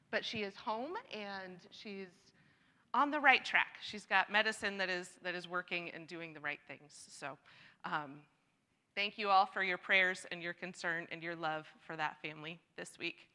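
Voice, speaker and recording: A woman's voice: mid-range voice, a little slow, sharp tone. A woman leading a church congregation in sharing time, chatty and encouraging, laughing often. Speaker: church worship leader. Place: church sanctuary. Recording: long reverb of a church hall.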